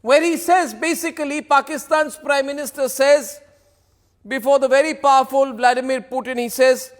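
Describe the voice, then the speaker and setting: A man's voice: very high voice, steady tone, normal speed, long reverb tail. A man, delivering a mocking, theatrical news monologue as an anchor. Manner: mocking, theatrical, impersonating quotes.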